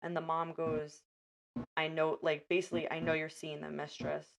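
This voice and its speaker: A young woman hosting a casual podcast, retelling movie scenes in animated detail and acting out the characters' lines. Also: sits low, normal speed, vocal fry, slight background noise. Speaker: podcast host.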